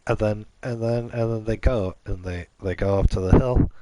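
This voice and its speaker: A man's voice: fairly low pitch, steady tone, normal speed, dark tone, slight background noise, poor audio. A man hosting a gaming channel, making up a long story on the spot, rambling with many restarts.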